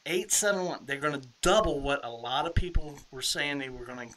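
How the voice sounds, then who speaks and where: A man co-hosting a live sports talk stream, talking haltingly and restarting his sentences. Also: on the high side, sharp tone, low-quality recording. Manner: halting, repeats and restarts often. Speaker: sports show co-host.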